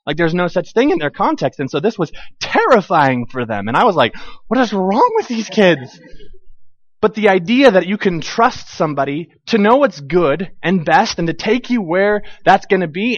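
Animated high-voiced man preaching a sermon. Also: moderate pace, few pauses, no room sound. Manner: animated storytelling, acts out family quotes. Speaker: pastor. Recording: dull, dry sound.

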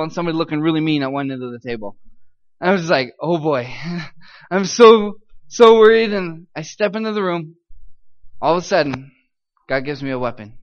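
Animated high-voiced man telling a story. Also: lo-fi sound. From United States. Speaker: missionary speaker. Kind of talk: church testimony talk. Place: church.

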